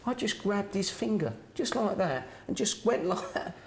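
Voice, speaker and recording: A man puts on a sly older doorman. The voice is pitched well above his own and stays a little gravelly. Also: lively intonation, normal speed, echoey room, slight background noise. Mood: gleeful. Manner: mock-meek, then gleeful. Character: older male doorman, calm and wry.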